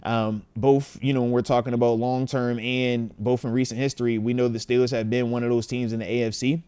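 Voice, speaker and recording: Ex-linebacker guy hyping up his viewers about a trade, mellow low tone, dry sound. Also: fairly quick, clear, resonant tone, no room sound. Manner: animated, hype, addresses viewers directly. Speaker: retired linebacker and sports commentator. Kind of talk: casual sports talk to camera.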